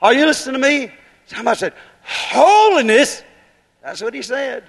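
A man's voice: extremely high pitch, lively intonation, quick pace, gravelly, fairly bright tone, in a large hall. A man preaching a fiery holiness sermon, building to emphatic bursts and firing rhetorical questions at the congregation.

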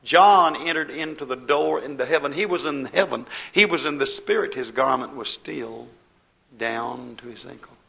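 A man's voice: medium pitch, moderate pace, gravelly, sharp tone, low-quality recording. A man pastor preaching a fiery sermon, building emphasis and quoting scripture.

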